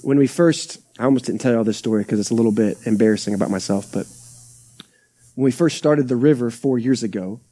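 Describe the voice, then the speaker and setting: Preaching in a church sanctuary, a young adult man from Texas keeps his sermon chatty, with acted-out quotations and side remarks. He has a mid-range, dark-toned voice and speaks a little fast.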